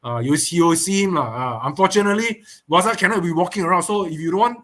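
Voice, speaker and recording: Man, Singaporean English accent, podcast host, casual chat, high-pitched, chatty and repetitive. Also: fast talker, fairly bright tone. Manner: chatty, repeats words, asks listeners for agreement.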